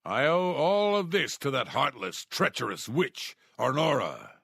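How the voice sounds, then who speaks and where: A man's voice: medium pitch, huge pitch swings, measured pace, creaky, fairly bright tone, slightly rough, no echo, exaggerated voice. An actor voicing a bitter, jailed male thief who plots revenge, in a resentful, conspiratorial tone, from a fantasy video game.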